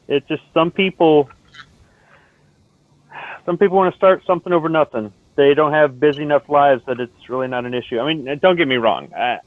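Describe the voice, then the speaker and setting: A man in casual chat who talks things through calmly and gives advice. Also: medium pitch, no room sound. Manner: calm, reasoning, advice-giving tone. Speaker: stream host. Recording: tinny phone-like line, dry.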